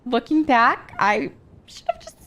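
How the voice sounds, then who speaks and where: A woman's voice: fairly high pitch, expressive, unhurried, a bit bright. A woman in a casual in-character roleplay chat, venting freely and swearing often as she tells a story. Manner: vents freely, heavy swearing, breezy filler like "blah blah".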